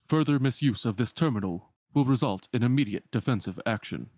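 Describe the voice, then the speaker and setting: A man voicing a stern computer control program that gives flat, formal warnings. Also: mid-range voice, fairly quick, dry recording, studio quality.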